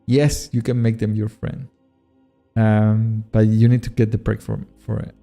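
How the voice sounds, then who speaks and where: A man's voice: fairly low pitch, level tone, a little slow, gravelly, warm tone, soft background music. A man streaming a game, chatting casually with viewers, swearing and poking fun at himself. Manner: casual, self-deprecating, swears often, laughs at himself. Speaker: streamer and modpack creator. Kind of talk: casual live-stream gameplay chat.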